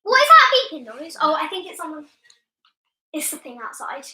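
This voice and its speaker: A young woman helping run a family quiz, chatty and excitable, often cutting in. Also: high voice, a little fast. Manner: chatty, excitable, keeps interrupting. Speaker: quiz co-host. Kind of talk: casual chat. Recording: echoey room.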